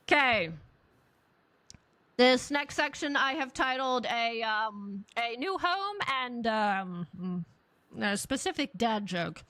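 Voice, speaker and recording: A woman hosting an episode recap podcast, telling the story with lively, animated swings and frequent laughter. Her voice is high and unhurried. The sound is dry and close, with faint music behind. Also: no room sound. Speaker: podcast host.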